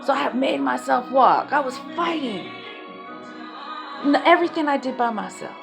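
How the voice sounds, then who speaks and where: Woman, raw and emotional storyteller, rambles and swears, slightly high voice, soft music underneath. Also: animated, normal speed, creaky. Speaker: mother telling her life story.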